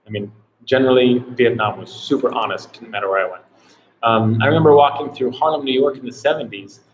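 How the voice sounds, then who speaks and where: A man hosting a laid-back live travel Q&A stream, talking at a middling pitch. He rambles and leans on "like" between his thoughts. A faint hiss of noise sits under his voice. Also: brisk, dull audio. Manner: rambling, heavy on "like" fillers. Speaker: travel vlogger host. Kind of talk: casual live Q&A chat.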